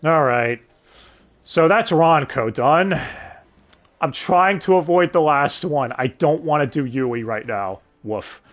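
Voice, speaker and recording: A man gives casual commentary on a dub, sarcastic and quick to swear. His voice sits a little high and swings widely in pitch. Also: animated, fairly bright tone. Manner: sarcastic, swears often, sighs and asks the audience. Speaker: reviewer.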